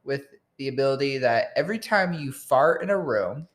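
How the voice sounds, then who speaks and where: A man co-hosting a podcast in a small home studio, close on a stand mic. He keeps things loose and jokey, laughing easily and drifting into goofy sounds, his pitch sitting right in the middle for a man. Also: animated, moderate pace. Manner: playful and jokey, laughs often and makes goofy noises. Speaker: podcast co-host. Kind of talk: casual podcast chat. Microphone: tabletop mic on a stand.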